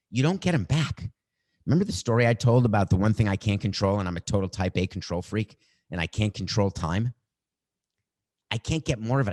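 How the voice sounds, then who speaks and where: A middle-aged man hosting a podcast, musing aloud in a reflective monologue. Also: on the low side. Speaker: podcast host.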